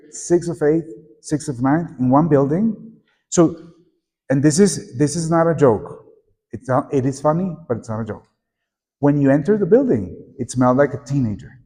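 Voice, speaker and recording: A middle-aged man leads a workshop for teachers, lively and prompting the audience to repeat and join in. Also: mid-range voice. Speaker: teacher trainer. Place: conference room at a teachers' meeting. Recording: echoey conference hall.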